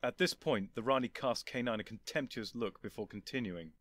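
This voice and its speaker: A man reading a story aloud as narrator, in a lively, expressive storytelling manner. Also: mid-range voice, a little fast, dry recording. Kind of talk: scripted audiobook narration.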